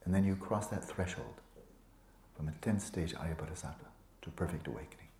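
A man teaching meditation to a retreat group, relaxed and playful, often sinking into a soft whisper and teasing students by name. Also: low voice, brisk, gravelly, a crowd in the background. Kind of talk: dharma talk to a retreat group. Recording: echoey room with faint ambience.

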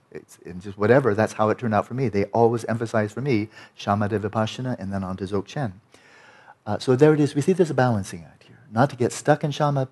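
Male retreat teacher, husky and a little breathy, emphatic and conversational, pushes his pitch up to land a point. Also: a little mellow. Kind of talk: dharma talk to retreat students.

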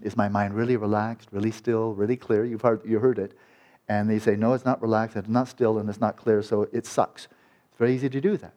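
A male meditation teacher giving a dharma talk at a retreat, speaking gently and soothingly and often trailing off into soft repeated words. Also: medium pitch.

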